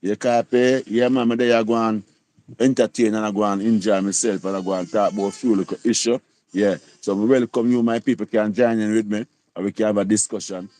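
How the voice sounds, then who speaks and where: A man's voice: fairly low pitch, fairly even intonation, brisk, dark tone. A man in his sixties with a Jamaican accent, chatting casually on a livestream and often asking "you see?" and "you copy?". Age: 60s. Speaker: livestream host.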